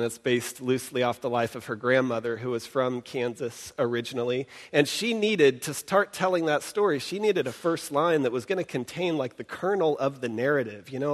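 A man giving a sermon in an animated, conversational way, often putting rhetorical questions to his congregation. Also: medium pitch, big-room sound. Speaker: preacher.

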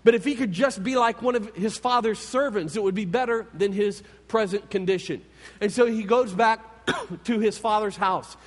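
A man preaching a sermon, retelling scripture stories in an animated storytelling manner. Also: sits high, moderate pace. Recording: long hall reverb.

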